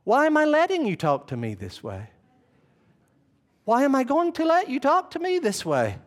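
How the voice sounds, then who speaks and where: Man acting out a flustered Roman governor, high-pitched, louder, firing off anxious questions. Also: wildly swooping pitch, full character voice. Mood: agitated. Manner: rapid-fire anxious questioning. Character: agitated Roman governor, middle-aged man.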